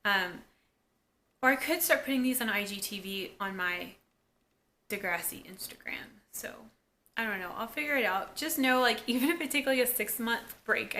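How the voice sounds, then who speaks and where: A woman recapping a TV episode in a casual vlog, chatty and full of fillers and excited asides. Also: mid-range voice, moderate pace, slight background noise. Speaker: YouTube episode reviewer.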